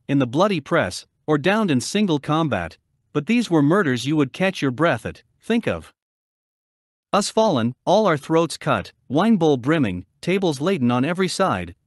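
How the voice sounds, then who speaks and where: A vengeful dead king rages over his betrayal, as a male audiobook reader gives him voice. The voice sits slightly high and moves through a broad, lively range. The recording is close and dry. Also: no room sound. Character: bitter ghost of a murdered male king.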